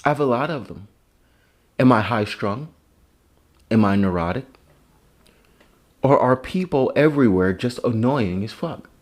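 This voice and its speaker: A man's voice: mid-range voice, expressive, measured pace, pauses often. A man hosting his own comedy podcast, talking in a rambling, profane, joking monologue. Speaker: podcast host.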